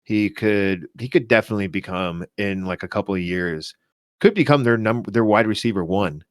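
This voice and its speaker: A man's voice: fairly low pitch, normal speed, dry recording, clean studio sound. A man co-hosting a fantasy football podcast, talking casually with many restarts and self-corrections. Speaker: podcast co-host.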